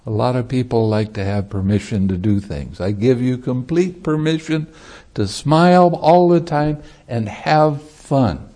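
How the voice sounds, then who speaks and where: A man's voice: mid-range voice, expressive, a little slow, dark tone. A man, a Buddhist monk and meditation teacher, giving a light-hearted dharma talk and laughing easily as he teaches.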